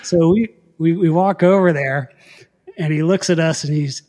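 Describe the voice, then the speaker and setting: A man, a former Air Force pilot, casually telling a story in an interview, animated, often laughing and restarting his sentences. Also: on the high side, moderate pace. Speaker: guest.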